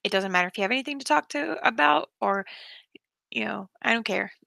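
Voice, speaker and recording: A woman's voice: a little high, animated, fast talker, creaky, pushed and bright, no echo. A woman hosting a casual live stream, chatting and reacting to viewers in a rambling, talkative way. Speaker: livestream host.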